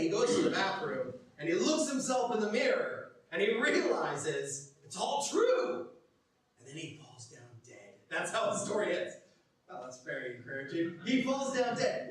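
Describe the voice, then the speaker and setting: A man preaching a sermon as pastor, telling stories animatedly, acting out quotes and dropping from loud to hushed. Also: high-pitched, slight background noise. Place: church. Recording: echoey church hall from far off.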